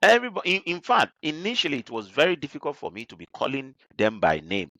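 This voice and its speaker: A man with a Nigerian accent, a guest in a podcast interview, speaks quickly on a dry recording with the highs cut off. He tells workplace stories animatedly, jumping high in pitch to act out the people he quotes.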